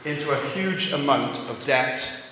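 A man preaching a sermon, telling a story and acting out the quoted voices softly. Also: mid-range voice, measured pace, a little hiss or hum. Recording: echoey hall.

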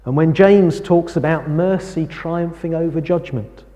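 A man preaching a sermon, speaking in a slow, measured way. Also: a little high. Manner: slow, measured preaching with lively quoted lines. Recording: reverberant hall.

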